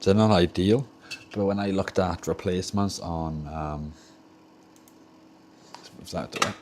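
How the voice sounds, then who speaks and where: Welsh man, very deep voice, rambling casual stream chat, faint room hum behind. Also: unhurried. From Wales. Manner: rambling, chatty, self-correcting as he works. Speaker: streamer repairing game controllers. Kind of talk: casual livestream chat while tinkering. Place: home workshop with soldering bench.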